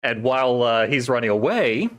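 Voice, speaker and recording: A man co-hosting a podcast, giving a relaxed play-by-play recap of a movie and laughing often. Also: medium pitch, normal speed. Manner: laid-back play-by-play recapping with frequent laughs. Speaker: podcast co-host recapping a film. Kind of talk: casual chat.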